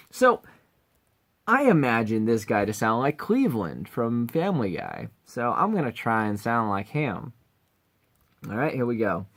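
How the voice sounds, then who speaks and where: A man's voice: fairly low pitch, huge pitch swings, normal speed, vocal fry. A man casually talking through voice acting attempts, crude and joking. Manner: laid-back, crude and joking. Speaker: voice acting YouTuber. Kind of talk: casual vlog commentary.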